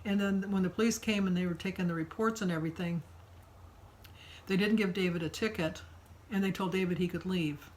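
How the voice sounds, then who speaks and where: A woman's voice: lowish voice, steady tone, a little fast, a little mellow, slight background noise, poor audio. An older woman from Michigan chatting casually in her daily vlog, telling a long story with lots of fillers. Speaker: vlogger.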